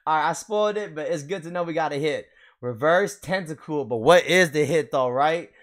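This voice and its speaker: A man's voice: a little high, brisk. Hyped young man opening card packs. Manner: hyped, slangy, laughs often, talks to viewers. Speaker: card pack opener. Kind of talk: casual pack-opening vlog.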